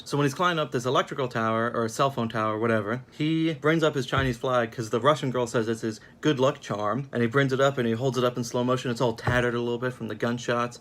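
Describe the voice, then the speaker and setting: A man's voice: mid-range voice, a bit bright, a little hiss or hum. A young man giving a casual, sarcastic film review, rambling at an uneven pace.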